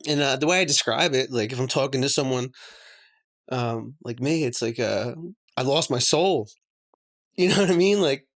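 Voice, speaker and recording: A man tells his story on a podcast. He rambles candidly, packing his talk with fillers and small laughs, at a middle pitch for a man. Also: normal speed, a bit bright. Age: 40s. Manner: rambling, lots of "like" and laughs between words. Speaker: podcast host.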